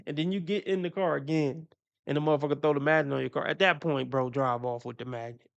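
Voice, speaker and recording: A man's voice: on the high side, steady tone, quick pace, vocal fry, smooth, dull audio. A man giving casual, profane reaction commentary on a stream, chuckling often as he talks through his opinions.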